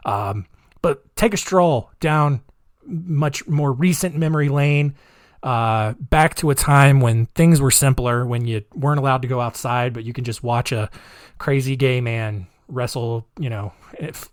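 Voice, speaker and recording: A man's voice: mid-range voice, no echo, studio quality. Offhand, rambling male podcast host. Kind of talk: casual podcast monologue.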